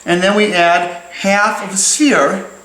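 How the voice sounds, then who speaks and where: A man's voice: sits high, steady tone, slow pace, bright, forceful tone, roomy sound, poor audio. Playful chatty man teaching drawing. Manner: playful, chatty, jokey asides. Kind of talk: casual drawing lesson while sketching.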